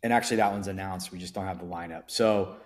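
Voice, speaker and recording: Low-voiced man, rambling and relaxed. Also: quick pace. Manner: relaxed, rambling, frequent fillers and restarts. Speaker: event promoter guest. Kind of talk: casual podcast interview.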